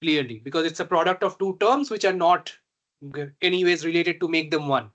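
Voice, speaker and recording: A man teaching a reinforcement learning tutorial, slow and halting, often pausing to check that students follow. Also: on the high side, a bit bright, highs cut off. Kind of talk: online math tutorial.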